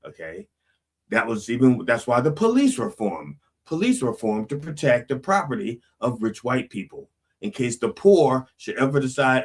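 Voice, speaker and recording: Male host, husky, animated delivery; lectures through lyrics like a sermon. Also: medium pitch, moderate pace. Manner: lively, preachy, peppered with "okay?". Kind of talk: song lyric commentary.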